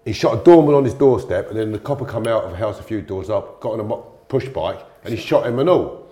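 Brief: low-voiced middle-aged man, blunt and slangy, swears freely, roomy echo. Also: lively intonation, quick pace, dark tone. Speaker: interview guest. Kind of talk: storytelling in conversation.

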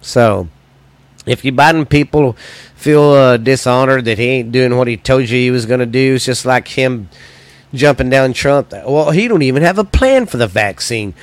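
A man's voice: mid-range voice, moderate pace, no room sound. Profane, heated American man ranting. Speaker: podcast host. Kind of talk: solo political rant.

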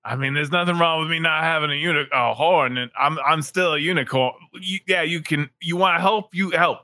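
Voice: medium pitch, brisk, sharp tone, dry recording. A game master voicing a grouchy, blunt unicorn with a New York area bridge-and-tunnel accent. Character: grumpy unicorn missing its horn.

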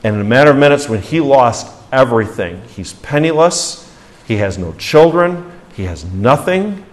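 A male pastor preaching a sermon with emphasis, rising for stress, dropping low at the ends of phrases and asking the congregation rhetorical questions. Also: sing-song, moderate pace.

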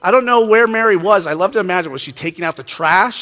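A man's voice: high voice, very fast, fairly bright tone. A man preaching a casual, joking sermon, chatty and full of fillers. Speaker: pastor. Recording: long hall reverb.

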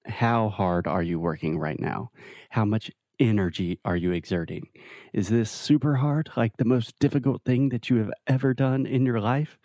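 A man with a low, mellow voice talks to viewers in a relaxed, friendly way, teaching English. He explains an idea step by step with simple examples. The sound is close and dry. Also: dry recording. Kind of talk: casual video lesson.

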